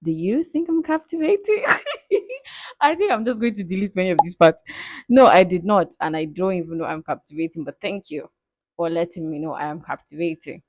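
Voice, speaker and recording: A young woman with a fairly low voice, chatting through a Q&A vlog. She is candid and playful and laughs often. The sound is dry and close. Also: lively intonation, normal speed, dry recording. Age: 20s. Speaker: vlogger answering viewer questions. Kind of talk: casual Q&A vlog.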